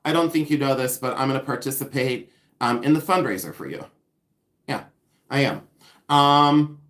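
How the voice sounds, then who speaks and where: A man's voice: on the high side, a bit bright. A man with a slightly raised voice hosts a casual livestream from home. He talks in a chatty, sassy way and pokes fun at himself as he goes. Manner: sassy, chatty, self-mocking humor. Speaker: live-stream jewelry reseller host.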